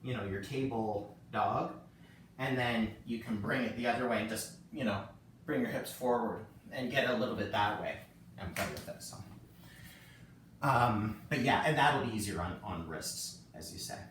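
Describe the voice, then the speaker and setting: A man's voice: fairly low pitch, normal speed, a bit bright. A man teaching a casual live-streamed yoga class, chatty and joking at himself as he cues poses. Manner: chatty and self-joking, laughs often. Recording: echoey room, distant mic, faint noise.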